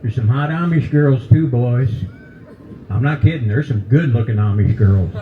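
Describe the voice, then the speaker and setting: The comedian, a man in his seventies, performs a stand-up set at a brewery with a live audience, speaking in a mid-range voice at normal speed. Folksy and teasing toward the crowd, he jokes about aging, heard through phone-quality sound with a little hiss or hum.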